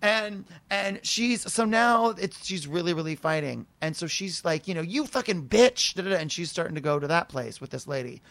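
A man telling an anecdote in casual conversation, lively and acting out the people he quotes in raised voices. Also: fairly high pitch, normal speed, gravelly, few pauses, dry recording.

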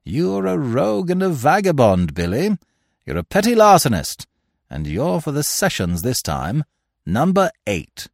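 Brief: brisk male police sergeant, clipped and dry, lively pitch, performed by a male reader. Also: vocal fry, no room sound, exaggerated voice. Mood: stern.

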